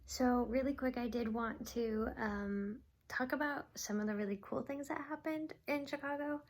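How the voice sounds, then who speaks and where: A woman's voice: a little high, normal speed. A young woman talking casually in a confessional vlog, rambling and oversharing with lots of fillers, sometimes dropping to a whisper. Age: young adult. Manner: rambling, oversharing, with frequent fillers and soft laughs. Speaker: vlogger.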